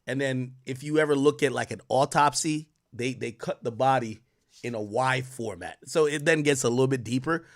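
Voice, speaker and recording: A man's voice: mid-range voice, moderate pace. A young man from Jamaica hosting a casual commentary stream, explaining with lots of restarts and laughing often. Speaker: host.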